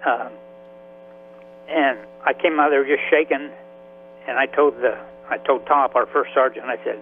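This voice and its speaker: A man in his seventies, a veteran and author, telling his story in a halting, emotional way with many restarts. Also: mid-range voice, steady tone. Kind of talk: radio interview by phone. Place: Florida. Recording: tinny phone line with faint hiss.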